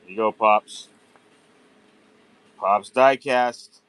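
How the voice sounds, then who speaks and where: Late at night in a warehouse, a man hosts a live online diecast car sale, chatting casually with viewers and hyping each pull. His voice is on the high side, a bit bright, and unhurried with frequent pauses, captured dry but in low quality.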